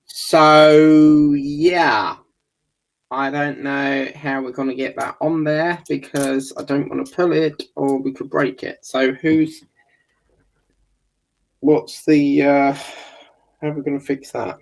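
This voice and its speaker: A man with a gravelly voice, chatting casually while building a scale model kit and muttering and swearing under his breath. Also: a little high, little pitch movement, takes it slowly, pauses often, low-quality recording. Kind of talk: casual build video chat.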